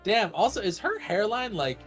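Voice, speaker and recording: A man's voice: sits high, moderate pace. A man bantering jokily during a casual let's play, often breaking into laughter. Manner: animated, jokey, breaks into laughter. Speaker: co-host. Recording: faint game music behind.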